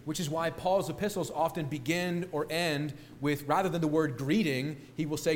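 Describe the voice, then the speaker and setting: Male pastor, sermon delivery, somewhat high voice, emphatic and animated. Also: moderate pace, hardly any pauses. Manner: animated, emphatic, repeats words for stress.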